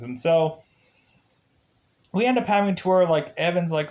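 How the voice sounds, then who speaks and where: A man's voice: a little high, moderate pace, darkish tone, dull audio. A man with an Upper Midwest accent giving a casual, rambling review of a TV episode, full of fillers and chuckles.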